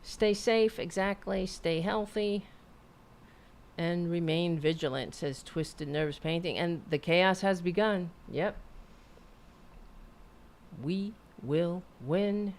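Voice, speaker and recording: A woman's voice: lowish voice, slow. A woman hosting a live stream, chatting loosely and rambling, swearing now and then. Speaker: host. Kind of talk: casual live-stream sign-off chat.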